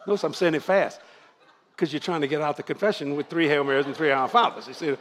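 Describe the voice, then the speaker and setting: Joking older preacher with a drawl. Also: male voice, fairly high pitch, fast. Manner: joking, laughing, lively preaching to a crowd. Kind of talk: church sermon.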